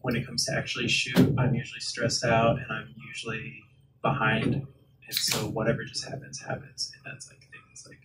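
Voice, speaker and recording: A man's voice: lowish voice, level tone, normal speed. A man being interviewed onstage as a guest artist, talking casually. He rambles in a laid-back way and fills his speech with filler words. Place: live event venue. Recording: roomy, distant mic, ambient noise.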